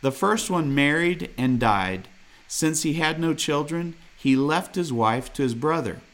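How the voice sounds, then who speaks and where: A man with a voice on the high side preaches earnestly and directly at a measured pace with lively intonation. He reads scripture aloud, comments on it, and challenges listeners with questions.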